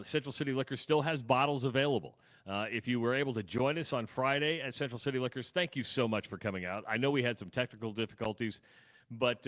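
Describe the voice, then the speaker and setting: A man's voice: mid-range voice, a bit bright. A middle-aged man with a Midwestern American accent, co-hosting a casual radio show, rambling and self-deprecating with many restarts. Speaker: radio co-host. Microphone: studio microphone.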